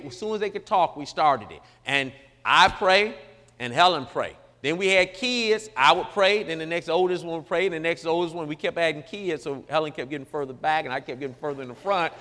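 A man's voice: on the high side, a bit bright, long reverb tail. A middle-aged man preaching in a folksy, joking, emphatic way. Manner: folksy, joking, emphatic, mocks formal prayer. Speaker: pastor. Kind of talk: sermon-style radio talk.

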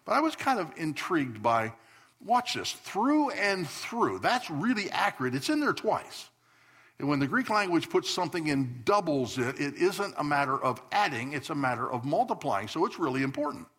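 Man, pastor, emphatic church sermon, slightly high register. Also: very animated, fairly quick, slightly rough. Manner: emphatic, swings between loud declarations and soft asides. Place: church sanctuary.

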